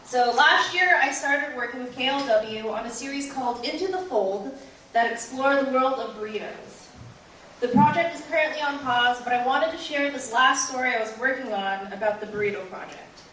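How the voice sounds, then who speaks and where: Woman, comedian, high voice, casual story read off her phone, echoey room, distant mic. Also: normal speed, fairly bright tone, a little hiss or hum. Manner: informal, reading from her phone with small stumbles. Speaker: stand-up comedian reading a story.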